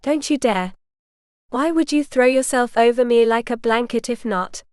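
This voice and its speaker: A woman's voice: fairly high pitch, normal speed, clean tone, no room sound, studio quality, natural voice. Woman voicing a stubborn, indignant young noblewoman. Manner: indignant, sharp-tongued.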